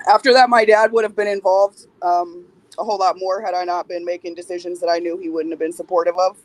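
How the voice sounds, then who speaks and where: A woman's voice: lowish voice, fairly even intonation, quick pace, poor audio. A woman in her forties, a podcast guest speaking candidly in a blunt, plain-spoken way and swearing freely. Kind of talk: candid interview talk.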